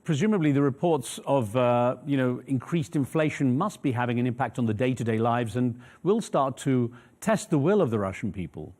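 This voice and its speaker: A man's voice: mid-range voice, animated, normal speed, hardly any pauses, darkish tone. A man interviewing a guest for a news channel, asking long, probing questions. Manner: probing, rambling questions with fillers.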